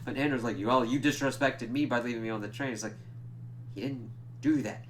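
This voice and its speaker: Profane, animated man recapping a show. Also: mid-range voice, a little fast, slight background noise. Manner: animated, profane retelling with quoted lines; stumbles over words and laughs at himself. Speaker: TV reviewer. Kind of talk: casual episode recap.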